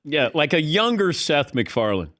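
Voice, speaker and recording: A man's voice: on the high side, moderate pace, dry recording. A male talk show host trades jokes with his guest in a casual studio interview. His voice swoops up and down as he talks, and the room sounds dry and close. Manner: joking, lively questions.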